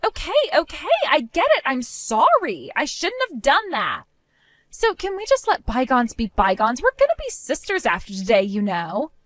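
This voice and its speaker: Woman putting on a bratty mocking sister-in-law voice, high and swingy, soft music under it. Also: huge pitch swings, normal speed, dry recording. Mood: pleading. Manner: mocking, dismissive, laughing. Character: spiteful, smug young woman, the groom's sister.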